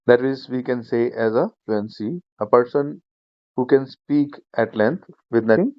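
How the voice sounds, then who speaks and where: A speaking exam teacher with an ordinary-pitched voice runs an online speaking-skills lesson, working a little slowly through his points step by step and repeating them. He leans on "you know" and "uh" as he explains. The sound is dry and somewhat dull, typical of a shared-screen video class mic.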